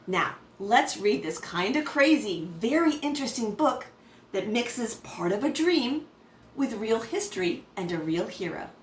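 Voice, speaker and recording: A woman reading a picture book aloud to children, expressive and lively, talking straight to the kids as a teacher. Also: fairly high pitch, unhurried, slight background noise.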